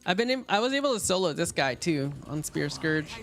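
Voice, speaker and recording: A man with a slightly high voice chats loosely while streaming a game. He rambles, stacking fillers between thoughts. Soft music plays quietly behind him. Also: a little fast. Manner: relaxed, rambling, chatty with fillers. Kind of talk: casual gaming stream chat.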